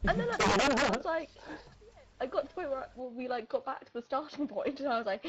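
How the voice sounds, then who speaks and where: A young woman telling friends a funny story in casual chat, animated and laughing, acting out voices as she goes. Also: high-pitched, fairly quick, highs cut off. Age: young adult.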